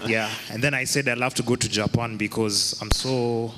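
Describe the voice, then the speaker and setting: A man's voice: medium pitch, fairly even intonation, moderate pace, crowd noise. A man from the congregation answering in a casual, jokey way. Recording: reverberant church hall with audience noise.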